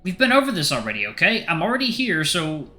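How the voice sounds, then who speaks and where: A man's voice: a little high, wildly swooping pitch, fast talker, pushed and bright, soft background music, pitched above the performer's own voice, heavily acted. Young guy in his twenties, casual and a bit defensive, raised voice; a man reads him. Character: 23-year-old unemployed man, defensive traveler.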